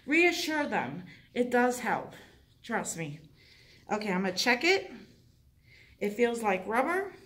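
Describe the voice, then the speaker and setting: A woman teaching a hands-on dental class, chatty and encouraging with quick asides. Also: on the high side, big pitch swings, fairly bright tone. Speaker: dental assisting instructor. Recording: echoey room, voice from far off.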